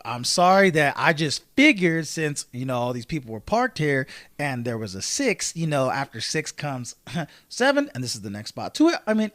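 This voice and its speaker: A man co-hosts a casual podcast, telling stories animatedly and playing out every voice in the exchange. His voice sits fairly high and swings widely in pitch. The recording is dry and close. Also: no room sound. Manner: animated storyteller, acts out both sides of an argument. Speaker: podcast co-host. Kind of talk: casual chat, storytelling.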